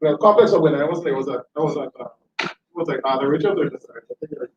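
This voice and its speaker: A high-pitched man tells anecdotes at a tribute. He is animated, laughs easily and repeats himself. He is picked up from a distance by a dull, roomy hall recording. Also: very fast, a little hiss or hum. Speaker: tribute speaker, former school educator.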